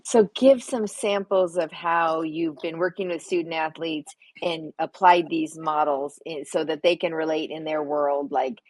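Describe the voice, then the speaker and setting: Female podcast host, very low voice, dry close sound. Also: steady tone, measured pace, few pauses, dry recording, low-quality recording. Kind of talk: interview questions.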